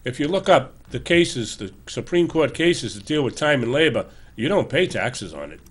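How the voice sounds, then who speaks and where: A man's voice: medium pitch, very animated, normal speed, slightly rough. A man in his sixties hosting a show, giving an emphatic, earnest political commentary monologue in a loose, conversational way, often correcting himself as he goes. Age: 60s. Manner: earnest, emphatic, urging listeners. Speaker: show host.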